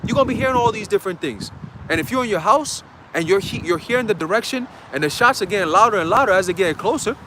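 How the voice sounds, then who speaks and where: A man's voice: high-pitched, animated, fast talker, sharp tone, slight background noise. A man preaching a dramatic, slangy sermon outdoors in a city, often checking in with his listeners. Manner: emphatic, checks in with "okay?". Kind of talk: street sermon.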